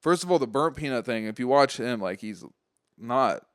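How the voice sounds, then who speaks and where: A man's voice: medium pitch, lively intonation, moderate pace, fairly bright tone, clean tone, dry recording, clean studio sound. A young man co-hosting a podcast, talking in a laid-back, swearing, casual way. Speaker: podcast co-host. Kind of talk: casual chat.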